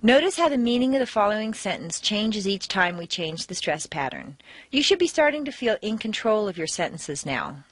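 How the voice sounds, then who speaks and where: An accent trainer with a General American accent gives a recorded pronunciation lesson, offering clear, deliberate instructions and exaggerating word stress to demonstrate it. Her voice is medium-pitched with big pitch swings, and there is no room sound.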